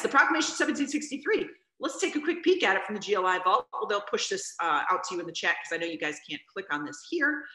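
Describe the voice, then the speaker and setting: A woman with a bright, clear voice leads an online exam review, animated and chatty. She keeps checking in with her students through quick asides and questions. Her voice rings a little in an echoey room. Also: medium pitch. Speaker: history teacher.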